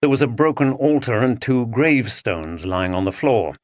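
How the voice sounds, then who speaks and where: A man reading a story aloud as an audiobook narrator, with expressive storytelling. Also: medium pitch, normal speed, dry recording, clean studio sound. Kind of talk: scripted narration.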